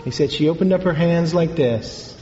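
A man, a priest, telling a story in a sermon, in an unhurried, halting way with pauses and fillers. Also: a little high, dark tone, soft background music. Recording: echoey hall, dull lo-fi sound.

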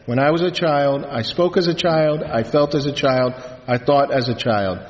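Man reading and preaching in an echoey church. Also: medium pitch. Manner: solemn measured reading, then livelier preaching. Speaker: priest. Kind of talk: liturgical reading and sermon. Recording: reverberant church, dull lo-fi sound.

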